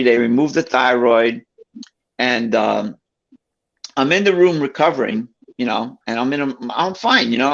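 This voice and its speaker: With a gravelly, medium-pitched voice, a man casually recounts something from his own life, animatedly performing the voices of the people involved. The audio sounds dull and lo-fi.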